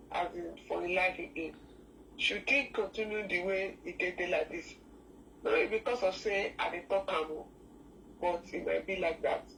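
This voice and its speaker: Halting Nigerian woman caller, far off. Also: mid-range voice, a bit bright, a little hiss or hum. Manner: emotional, halting, many restarts. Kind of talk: call-in discussion, mixing English and Pidgin.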